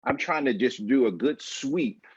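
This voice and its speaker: A man in his fifties, a guest on a call-in show, recounting his life in a slow, reflective, emphatic way. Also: medium pitch, lively intonation, darkish tone, slightly rough, dry recording, highs cut off. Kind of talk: personal storytelling interview. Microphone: video call.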